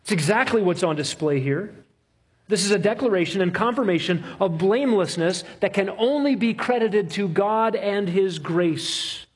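A man preaching an expository sermon, emphatic, with rhythmic repetition and slow, stressed phrases. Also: high-pitched, breathy edge.

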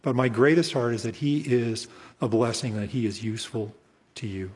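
Male pastor, husky voice, earnest and emphatic, expository sermon, long hall reverb. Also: medium pitch, normal speed, darkish tone.

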